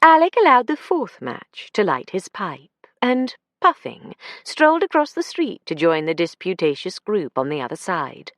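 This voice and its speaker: A woman narrating a mystery audiobook in an expressive storytelling manner. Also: medium pitch, moderate pace, hardly any pauses, dry recording, clean studio sound.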